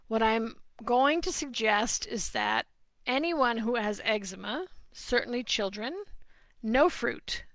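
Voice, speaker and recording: A middle-aged woman from New Jersey, answering viewer questions on a live stream in an animated, opinionated, emphatic way. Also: fairly high pitch, no room sound. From New Jersey, USA.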